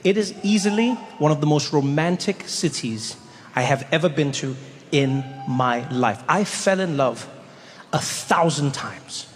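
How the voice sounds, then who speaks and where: A man performing a stand-up comedy set, telling stories in an animated way with sudden exaggerated voices. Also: fairly high pitch, a little slow. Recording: long hall reverb, faint noise.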